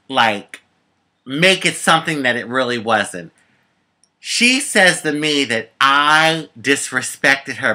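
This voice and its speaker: Sassy, bright-voiced woman telling a story. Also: extremely low pitch. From United States. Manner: sassy, animated storytelling with sharp comebacks. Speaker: vlogger. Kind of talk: casual storytelling to camera.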